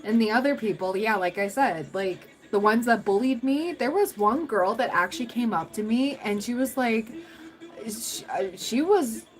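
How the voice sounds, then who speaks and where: A woman's voice: a little high, animated, moderate pace, soft background music, poor audio. Chatty young woman livestreaming. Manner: chatty, laughs often, rambling storytelling. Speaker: tarot livestream host. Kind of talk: casual livestream chat with viewers.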